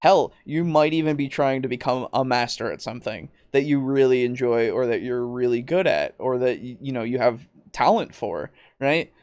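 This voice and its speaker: Exasperated ranting man, very lively pitch. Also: moderate pace, hardly any pauses, dry recording. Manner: exasperated, animated, swears often, laughs mid-sentence. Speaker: podcast host. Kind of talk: ranting podcast discussion.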